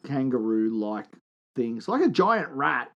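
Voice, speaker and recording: A man's voice: medium pitch, big pitch swings, unhurried, fairly bright tone, lo-fi sound. A man with an Australian accent, co-hosting a podcast and trading teasing jokes in casual banter. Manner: joking, teasing. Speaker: podcast co-host.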